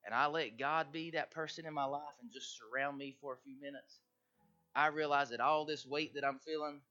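A man's voice: on the high side, pushed and bright, muffled recording. A man, preaching a sermon as pastor with earnest, emphatic appeals.

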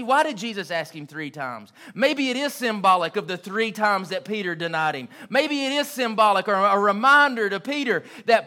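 A man delivers an evening sermon in an earnest, emphatic style. His voice sits high and rings bright and forceful. He repeats key phrases to drive them home. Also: expressive, normal speed, hardly any pauses. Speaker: preacher.

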